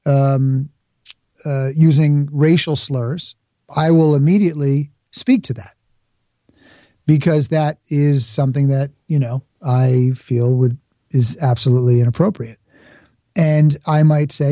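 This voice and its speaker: Mellow-voiced man from the Bronx. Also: fairly high pitch, fairly even intonation, measured pace, no room sound, clean studio sound. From the Bronx, New York. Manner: reflective, explains with examples and acted-out asides. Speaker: podcast guest. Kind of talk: conversational interview.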